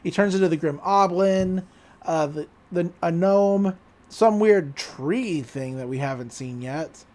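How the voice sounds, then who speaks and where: A young woman casually recapping a cartoon episode, slipping into quick character voices as she tells it. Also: fairly low pitch. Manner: animated, does quick voices for characters while retelling. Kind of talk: casual recap with acted quotes.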